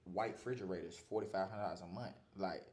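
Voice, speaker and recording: A man, a podcast guest telling stories in a relaxed, slangy way. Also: deep voice, fast, roomy sound. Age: 20s. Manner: laid-back, slangy storytelling. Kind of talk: casual podcast chat.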